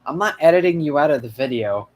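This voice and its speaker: High-voiced young man rambling casually. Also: animated, fast talker, a little mellow. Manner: rambling, full of restarts and fillers. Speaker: channel host. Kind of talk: casual outro chat.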